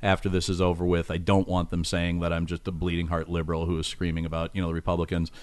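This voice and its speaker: Guy on a podcast telling a story, lowish voice, dry close mic, does little voices for people. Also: fast talker, no echo. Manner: animated storyteller, acts out quoted voices. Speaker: podcast guest, comedy writer. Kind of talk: casual storytelling chat. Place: podcast studio.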